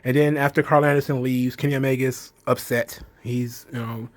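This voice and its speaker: A man's voice: medium pitch, fairly even intonation, normal speed. A man giving a loose, rambling casual recap, filling his talk with "you know" and "kinda". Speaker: wrestling show reviewer.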